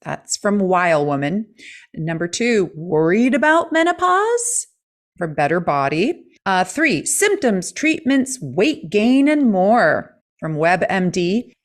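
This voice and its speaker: A middle-aged woman hosting a podcast, chatty and animated in conversation with her guest. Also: medium pitch, slow pace. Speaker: podcast host. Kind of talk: casual podcast interview.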